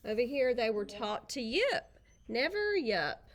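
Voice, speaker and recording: A woman's voice: fairly high pitch, sing-song, slow. A woman teacher reading a picture book aloud to young children, chatty and playful, stopping to talk about the pictures.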